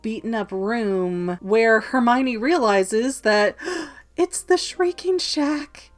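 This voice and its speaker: Woman casually recapping a book chapter. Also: medium pitch. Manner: lively storytelling that slips into quick acted voices. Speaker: book club vlog host.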